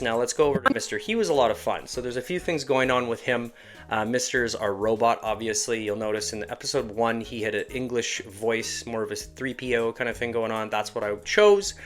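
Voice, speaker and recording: A man's voice: medium pitch, fairly bright tone. A man, an animator and show creator, explaining his voice work in a casual, rambling tutorial. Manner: casual, rambling, self-deprecating. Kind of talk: tutorial walkthrough.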